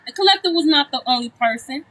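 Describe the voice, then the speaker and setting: A woman with a fairly high voice gives a live tarot reading on her phone while standing outdoors. She talks bluntly, swears freely and keeps repeating her points. Clear street noise runs under her voice. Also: animated, fast talker, a bit bright, rough recording. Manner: blunt, profane, repetitive. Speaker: tarot reader. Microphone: phone livestream.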